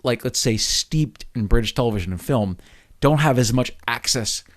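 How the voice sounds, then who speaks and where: Man, podcast co-host, casual film chat, mid-pitched, articulate, quick bursts.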